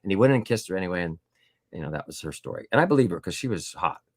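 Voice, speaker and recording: A middle-aged man sits as a guest in an interview, telling stories in a relaxed, rambling way. His voice sits low, and he fills it out with little voiced impressions and plenty of fillers. The sound is dry and close, with no room around it. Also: racing, no echo. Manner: animated anecdotes with voiced quotes and frequent fillers. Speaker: guest author. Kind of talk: casual storytelling interview.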